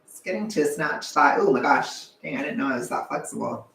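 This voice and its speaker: A young man chatting casually on a livestream, animated and chatty, sometimes swearing, laughing often, heard from a distance. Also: fairly high pitch, fairly quick, gravelly. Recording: echoey room, away from the mic.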